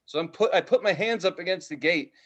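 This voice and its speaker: A man in his thirties, hosting a casual podcast and telling a story with loud voices and plenty of swearing. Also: high voice, brisk, highs cut off. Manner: animated, profane, does loud voices in his stories. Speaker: podcast host.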